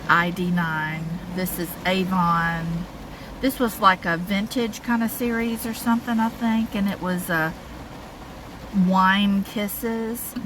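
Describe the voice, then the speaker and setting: A woman's voice: medium pitch, steady tone, slow. A woman vlogger, talking casually and rambling to camera from a parked car. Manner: chatty, rambling, with fillers and small laughs. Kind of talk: casual vlog talk to camera. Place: parked car on a rainy day. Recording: noisy car interior with rain. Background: rain and car sounds.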